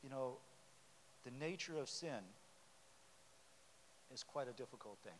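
A man's voice: medium pitch, expressive, a little slow. A man preaching a sermon in a church sanctuary, talking conversationally and quizzing the congregation with questions. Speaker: pastor. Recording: long hall reverb with faint hiss.

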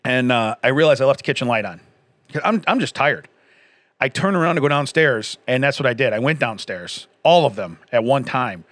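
A man's voice: medium pitch, lively intonation, a little fast, fairly bright tone, no echo. A man in his forties co-hosting a casual chat, telling a rambling story and laughing often.

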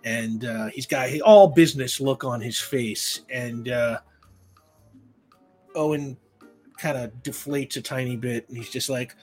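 A man's voice: medium pitch, a little mellow, soft background music. A man running a tabletop role-playing game as game master, narrating with lots of ums and restarts. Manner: halting, lots of fillers.

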